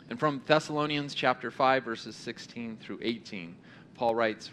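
Brief: man, pastor, mid-range voice, relaxed sermon delivery, phrases fade at the ends. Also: medium pitch, a little slow, slight background noise. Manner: conversational, with fillers, often trailing off softly.

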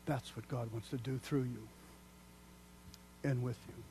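A male pastor preaching a sermon, swinging from loud, excited declaiming down to hushed, almost whispered lines, then leading a prayer. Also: medium pitch, unhurried, background noise.

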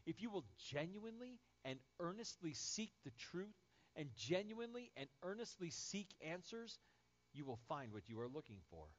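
A pastor delivers his sermon with emphatic, repeated lines. His voice sits fairly high and swings widely in pitch. The recording sounds a little dull and lo-fi. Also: very animated, moderate pace. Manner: emphatic preaching with repeated phrases.

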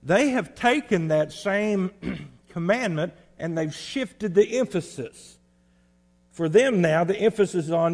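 A man with a slightly high voice preaches a sermon in a measured, emphatic way. He slows down to stress key phrases. His voice rings with a long reverb. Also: lively intonation, darkish tone.

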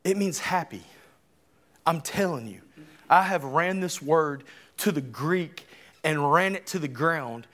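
A man in his thirties, a preacher delivering an emphatic, conversational sermon with sudden loud bursts. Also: a little high, lively intonation, slow pace, pauses often. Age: 30s.

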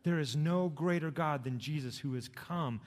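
A male pastor preaching a sermon, dramatic, swinging from loud emphatic peaks to soft low lines. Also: moderate pace, long reverb tail.

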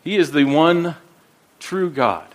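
A man preaching a sermon as pastor, earnest, often repeating words as he builds his points and slowing down for scripture quotes. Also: fairly high pitch, animated.

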